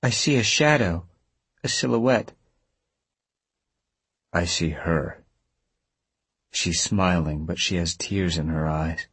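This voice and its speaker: A man voicing a kind young man who talks plainly and gently, a little awkward. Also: low voice, slow pace, pauses often, slightly rough, no room sound, exaggerated voice. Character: steady, kind young man talking to a ghost.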